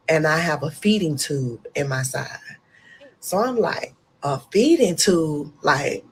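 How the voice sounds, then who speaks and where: A woman's voice: low-pitched, a little hiss or hum. Woman telling a candid personal story. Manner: candid, animated storytelling with vivid retelling. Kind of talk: storytime monologue.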